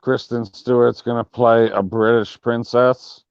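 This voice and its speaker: A man's voice: mid-range voice, flat delivery, measured pace, creaky, heavy background noise. A man co-hosting a casual podcast chat, throwing in sarcastic wisecracks. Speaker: co-host. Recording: dull lo-fi recording.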